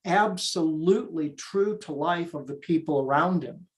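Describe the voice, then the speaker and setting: A man's voice: fairly high pitch, moderate pace. An older man, a theater director, telling eager stories as an interview guest. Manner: eager, animated storyteller.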